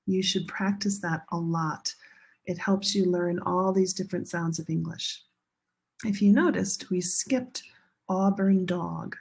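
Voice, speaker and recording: A woman's voice: lowish voice, a little mellow, husky, low-quality recording. A woman teaching English pronunciation, patiently modeling each vowel sound and repeating it for learners. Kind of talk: slow, drawn-out classroom instruction.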